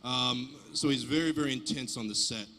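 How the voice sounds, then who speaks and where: A man's voice: mid-range voice, a little fast, sharp tone. A man chatting on a convention panel, laid-back and a little hesitant. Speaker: panelist, actor. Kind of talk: casual panel banter.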